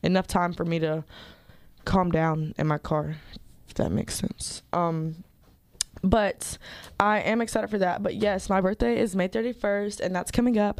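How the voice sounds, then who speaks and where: A woman's voice: lowish voice, normal speed, no room sound. A young woman hosting a casual podcast, telling stories in a playful, sassy way. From United States. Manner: playful, sassy, animated storytelling. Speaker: podcast host. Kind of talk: casual chat among friends.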